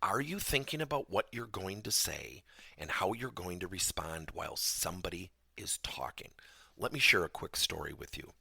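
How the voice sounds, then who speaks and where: A man hosting a podcast lesson, telling stories with animated delivery and acting out both sides of conversations. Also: low-pitched, moderate pace, creaky, breathy edge, no echo, clean studio sound. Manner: animated storytelling, acts out dialogue in raised voice. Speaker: podcast host and trainer.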